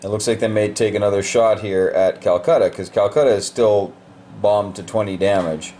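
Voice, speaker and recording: Low-voiced man recapping a board game. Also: steady tone, moderate pace, warm tone, slight background noise. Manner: loose, rambling explanation with many fillers.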